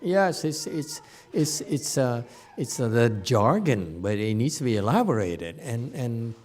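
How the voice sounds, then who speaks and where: A man teaching meditation students in an informal Dharma lecture. He takes his time, speaking slowly with a mid-range voice, and keeps it chatty with frequent laughter and repeated words. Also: medium pitch, big pitch swings, a little mellow. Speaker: Buddhist teacher giving a Dharma talk. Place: meditation hall.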